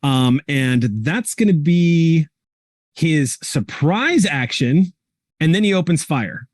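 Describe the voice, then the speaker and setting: A man running a tabletop game as game master, describing the action vividly and pausing often with "um". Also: fairly high pitch, expressive, a little mellow, no room sound, clean studio sound. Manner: vivid descriptive narration with frequent ums.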